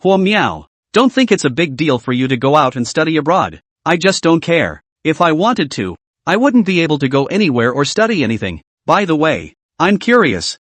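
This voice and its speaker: A man's voice: on the high side, no echo. A taunting, spiteful rich young woman from a comic recap, as a man reads her lines. The voice rises and falls a lot and the sound is dry and close. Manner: taunting, sneering.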